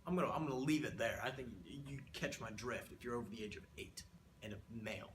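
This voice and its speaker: A man's voice: medium pitch, quick pace, fairly bright tone, slight background noise. A man giving a comedic mock economics lecture, playful and rambling with exaggerated asides. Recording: roomy echo.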